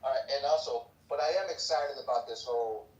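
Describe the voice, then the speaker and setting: A man's voice: medium pitch, quick pace, reverberant, recorded from a distance, low-quality recording. A man in a political podcast discussion, blunt and profane.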